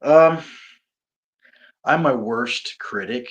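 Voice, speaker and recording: A man who wrestles professionally talks casually in an interview, stretching out his words in a medium-pitched voice. His manner is animated and self-mocking, full of laughter and frequent repeats and restarts.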